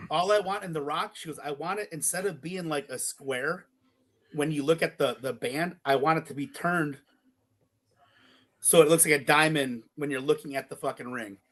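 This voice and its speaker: Man, podcast co-host, casual storytelling, bright tense voice, animated, swears. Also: on the high side, normal speed. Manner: swears freely, animated storyteller acting out quotes.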